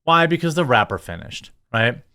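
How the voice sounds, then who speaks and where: A man's voice: mid-range voice, big pitch swings, normal speed, gravelly, bright, forceful tone. Indignant ranting male commentator. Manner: indignant, sarcastic, emphatic. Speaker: commentary channel host.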